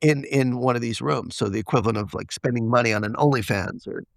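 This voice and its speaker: A man's voice: mid-range voice, fast talker, vocal fry, no room sound. A man as a podcast guest, candidly telling a personal story and acting out the quoted dialogue. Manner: confessional, acts out quoted dialogue.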